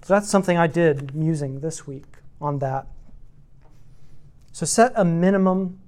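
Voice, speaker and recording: A man with a slightly high, somewhat mellow voice teaches a church class on meditating on scripture at a measured pace. His teaching sermon moves through numbered points and keeps returning to rhetorical questions.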